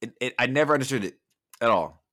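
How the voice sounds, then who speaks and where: A young man from Southern California hosting a casual podcast chat, telling stories in a loose, profane, animated way. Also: medium pitch, fast talker.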